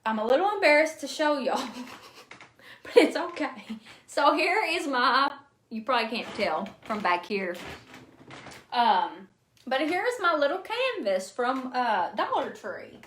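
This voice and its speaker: A chatty, self-deprecating woman hosts a live craft session. Her voice sits a little high, and she laughs easily at herself. The room sounds echoey with a faint hiss behind her. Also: big pitch swings, measured pace, a bit bright. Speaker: crafting livestream host. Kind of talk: casual live craft demo.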